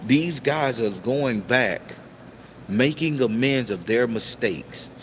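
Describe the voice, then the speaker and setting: A man hosting a casual livestream and reading out viewer comments, talking in a profane, preachy, emphatic way with sudden high-pitched outbursts. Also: a little hiss or hum. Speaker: tarot reader and livestream host.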